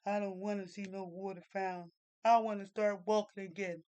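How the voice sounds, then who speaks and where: A man's voice: high-pitched, little pitch movement, normal speed, darkish tone, smooth, lo-fi sound, voice pushed up, natural voice. A man voicing a crying little boy who wants his mother, whiny and pleading.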